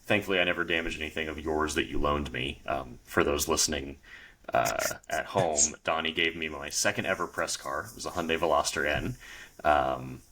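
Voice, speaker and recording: A man hosting a podcast in a relaxed, chatty way, with frequent ums. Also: very deep voice, moderate pace, slight background noise. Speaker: podcast host, car journalist. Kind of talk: casual podcast chat.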